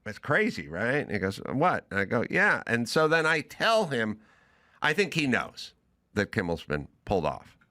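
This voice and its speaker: A man who hosts a talk show and works as a comedian, telling a story in a casual, animated way and acting out both sides of a phone call. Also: medium pitch, normal speed. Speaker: podcast host.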